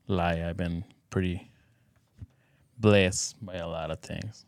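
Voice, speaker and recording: A middle-aged man, a father appearing as a podcast guest, speaking in brief, relaxed casual chat. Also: low voice, slow, no echo, clean studio sound.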